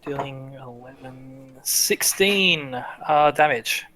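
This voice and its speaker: A man narrating as game master in a relaxed livestreamed tabletop game, thinking aloud with easy fillers. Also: medium pitch, slow, poor audio. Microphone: livestream microphone.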